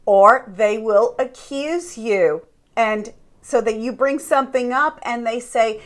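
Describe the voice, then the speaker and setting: A woman who is a Christian life coach, giving a deliberate, earnest teaching monologue with rhetorical questions. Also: fairly high pitch.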